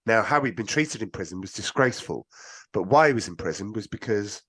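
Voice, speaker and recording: A man's voice: on the low side, a little fast, husky. Man, podcast guest, chatty and rambling, frequent restarts. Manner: rambling, animated, many restarts and asides. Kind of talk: casual film discussion.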